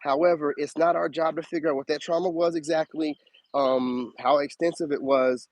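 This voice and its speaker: Casting: animated male streamer, preachy, highish voice, close dry mic. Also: moderate pace, dry recording, rough recording. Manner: animated, preachy, swoops up high for emphasis. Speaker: spiritual advice streamer. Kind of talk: casual live-stream monologue.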